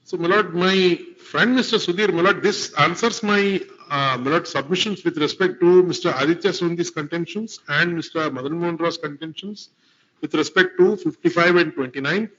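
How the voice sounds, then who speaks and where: A man's voice: on the high side, normal speed, fairly bright tone. A man with an Indian accent arguing a case before judges, formal, addressing the bench as "my lord" throughout. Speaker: advocate arguing before a court. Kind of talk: courtroom legal argument. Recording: lo-fi courtroom livestream audio.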